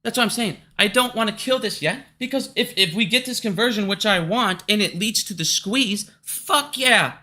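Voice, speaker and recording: A stock market commentator rants angrily in a vlog, swearing constantly and fighting hard against his critics in a heated, combative way. His high-pitched voice is pushed and bright, moving at a moderate pace with hardly any pauses.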